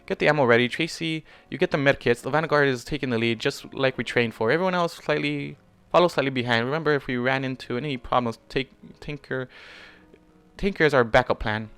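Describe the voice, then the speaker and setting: Storybook part: a man playing a brash slangy young rebel leader shouting orders, brisk pace. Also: medium pitch, clean tone, natural voice. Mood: commanding. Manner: casual slangy, commanding.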